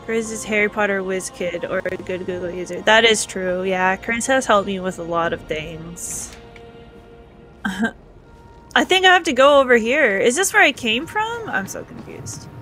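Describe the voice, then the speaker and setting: A woman's voice: medium pitch, lively intonation, a little slow, a bit bright, soft background music. A woman from Canada streaming a game live, chatting and giggling as she reads out viewer comments. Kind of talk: live gameplay chat, reading viewer comments.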